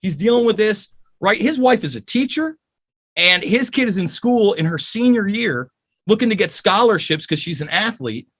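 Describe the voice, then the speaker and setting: Casting: high, very animated male voice, furious and swearing, podcast guest rant. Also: moderate pace. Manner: angry, profane, emphatic.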